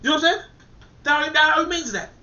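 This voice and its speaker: This commentator's voice is very high and sharp, coming rapid-fire as he reads a political document and comments colloquially and emphatically, often repeating words mid-thought. The room sounds echoey and dull.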